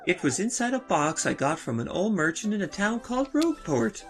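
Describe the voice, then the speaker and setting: A man's voice: big pitch swings, a little fast. A man voicing a sweet young princess reading her letter aloud in a raised voice. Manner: high put-on voice reading aloud.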